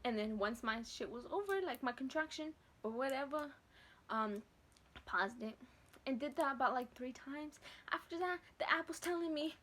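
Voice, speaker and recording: A young woman vlogger telling a story to camera in a casual, slangy, heavily profane and animated way. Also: high-pitched, normal speed. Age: late teens to early 20s.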